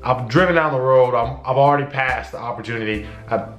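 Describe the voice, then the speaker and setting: A man casually telling a personal story to camera, acting out his own shouts and conversations. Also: medium pitch, a little fast, reverberant, soft background music. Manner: animated, acts out his own shouts and dialogue. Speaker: vlogger.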